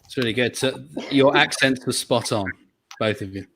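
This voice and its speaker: A man's voice: mid-range voice, normal speed, crowd noise. A man hosting a casual online quiz, chatty and laughing often. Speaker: quiz host.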